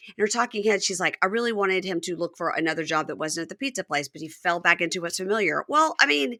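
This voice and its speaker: A woman's voice: medium pitch, fast. A woman hosting a podcast, recapping a reality show in casual chat and acting out the people she quotes. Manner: acts out quoted lines in animated voices, swears casually. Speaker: podcast host.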